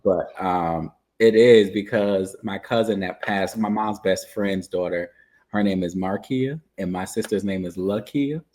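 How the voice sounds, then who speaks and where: A man hosting a podcast in relaxed, chatty conversation who laughs easily. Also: deep voice, measured pace. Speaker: podcast host. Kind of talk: casual conversation.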